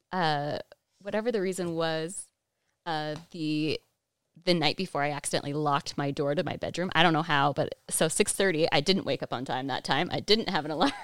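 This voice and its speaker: A woman's voice: on the low side, quick pace, clear, resonant tone, no echo. Woman interpreter voicing a signed story. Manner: lively storytelling with frequent laughs. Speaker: ASL interpreter voicing a Deaf guest. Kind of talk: casual podcast interview, first-person interpreting.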